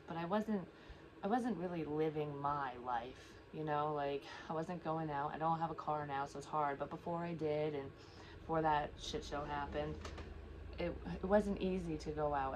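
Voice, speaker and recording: A woman with a low voice speaks in a casual, rambling monologue to her viewers, blunt and full of swearing. Her delivery stays flat, with little rise and fall. Steady background noise sits under the recording. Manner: rambling, blunt and heavily profane; emotional, near tears at times. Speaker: psychic medium vlogger.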